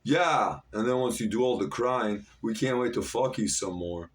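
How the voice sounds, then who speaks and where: A man putting on the voice of an eager, excited young woman, pitched high and gushing. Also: normal speed, close to an everyday voice. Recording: voice a bit far from the mic.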